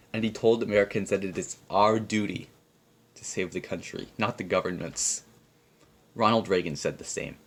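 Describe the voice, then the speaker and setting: A man reading a prepared speech aloud, with a measured, declarative delivery. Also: deep voice. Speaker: speaker giving a prepared speech. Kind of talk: read-aloud formal speech.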